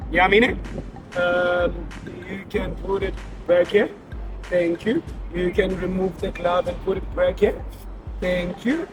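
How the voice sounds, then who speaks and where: A young South African man hosting a street challenge, playful and teasing as he hypes up contestants outdoors. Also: high-pitched. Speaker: host of a street challenge show. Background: music playing.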